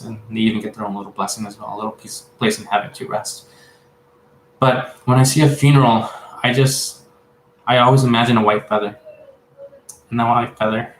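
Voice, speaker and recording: A man's voice: on the low side, a little hiss or hum. A man giving a casual spiritual reading as a psychic medium. He rambles, halts often, and fills gaps with "um". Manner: rambling, halting, many fillers. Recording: echoey room.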